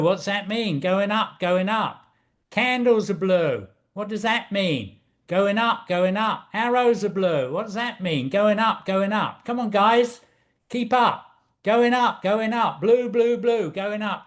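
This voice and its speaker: Excitable high-voiced man teaching trading. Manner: excitable, repetitive, showman-like. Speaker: trading instructor. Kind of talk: screen-share trading walkthrough.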